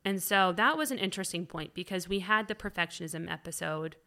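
Bright-voiced woman, rambling podcast chat. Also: on the low side, brisk. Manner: rambling, full of "like" and "um". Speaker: podcast co-host. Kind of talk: candid conversational chat.

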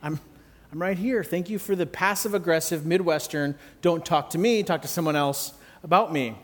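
A man's voice: a little high, normal speed, big-room sound, natural voice. A man voicing a sarcastic younger sister answering back. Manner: sarcastic, passive-aggressive.

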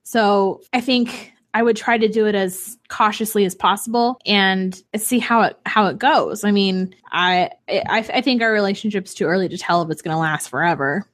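A young woman and single mother chatting casually as a podcast co-host, telling animated stories. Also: medium pitch, normal speed, hardly any pauses. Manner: chatty, animated storyteller with laughs. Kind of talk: casual chat.

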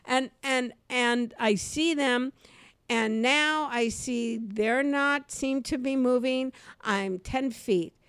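Older woman, high voice, dry close mic, animated storyteller who gets loud then quiet. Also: takes it slowly, clear, resonant tone, no room sound. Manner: expressive, swings from quiet to loud exclamations, laughs often. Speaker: podcast co-host and comedy teacher.

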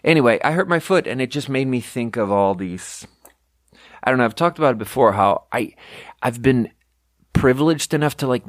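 On his podcast, a young Swedish man delivers a casual monologue from a room at home, rambling through personal stories while swearing casually and poking fun at himself. His voice is a little low. The sound is close and dry, with no echo or room around it.

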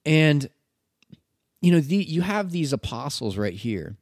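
A man's voice: fairly high pitch, big pitch swings, measured pace, darkish tone, no echo, clean studio sound. A man reading scripture and then preaching about it in an earnest, conversational way, with filler words.

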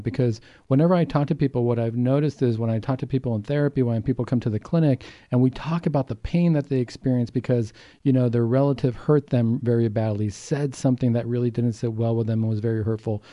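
A man's voice: mid-range voice, fairly even intonation, fast talker, hardly any pauses, mellow, no room sound, highs cut off. A man, a doctor co-hosting a faith talk show, explaining earnestly and acting out the voices he quotes. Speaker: doctor and co-host.

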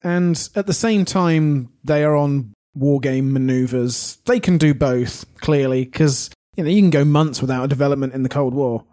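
A man's voice: mid-range voice, normal speed, few pauses, warm tone. A man co-hosting a podcast in casual chat, with a dry, wry sense of humor. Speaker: podcast co-host.

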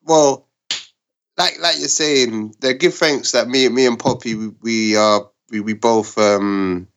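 A man who owns a business, answering an interview question haltingly, with restarts. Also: mid-range voice, fairly even intonation, a bit bright. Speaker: business owner guest.

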